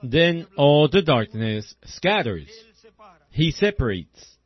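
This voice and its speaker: A man's voice: a little high, big pitch swings, slow, husky. A middle-aged man preaching a sermon in a folksy, rhythmic way, often tagging his points with "see?". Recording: dull lo-fi old recording.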